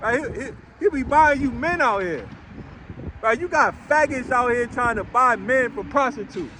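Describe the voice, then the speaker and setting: A man preaching outdoors on a city street, blunt and rough-spoken, hammering each point with "right?" and "man". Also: very high voice, expressive, moderate pace, pushed and bright, a little hiss or hum.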